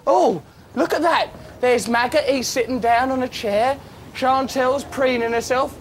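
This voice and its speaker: A man hosting a live TV chat show, full of cheeky, quick-witted banter. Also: very high voice, slight background noise. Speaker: host. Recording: studio with music and audience.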